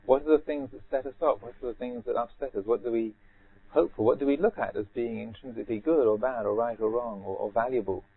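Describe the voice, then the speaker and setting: A man, a Buddhist monk, giving a rambling, gently humorous retreat talk with many repeated words. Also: medium pitch, fast, slight background noise. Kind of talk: retreat Dharma talk, anecdotal. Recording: tinny phone-like band.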